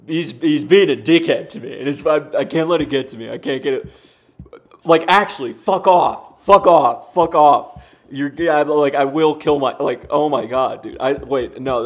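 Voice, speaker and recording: A young man commentating his own game, frustrated, rambling and swearing with lots of fillers. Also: medium pitch. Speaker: gaming streamer. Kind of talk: casual commentary while playing.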